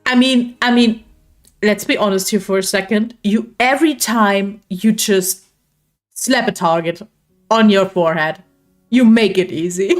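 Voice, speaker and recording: A woman's voice: medium pitch, a little slow, faint music behind. A woman hosting a chat stream who teases her guest and swears casually. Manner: teasing, laughing, casual swearing. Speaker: stream host.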